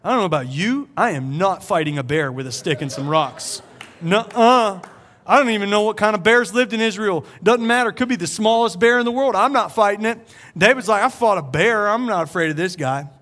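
A man in his thirties preaching a sermon, retelling a story in a casual, animated way with playful voiced asides. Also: high voice, fairly quick. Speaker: pastor.

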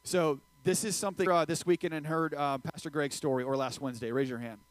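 A man preaching a casual sermon to a youth group, energetic and joking, talking straight to the crowd. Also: a little high, fast, no echo, low-quality recording. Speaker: youth pastor.

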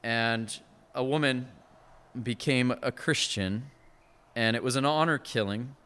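A man preaching a sermon as pastor, earnest and conversational, swinging from hushed to emphatic. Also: mid-range voice, unhurried, smooth. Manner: conversational asides with short laughs.

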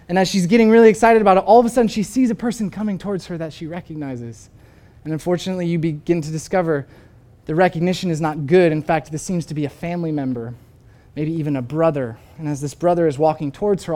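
A pastor preaching with a warm, mellow voice, telling a story in an earnest, unhurried way. He draws the listeners in before leading them into a prayer. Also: a little high. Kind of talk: sermon.

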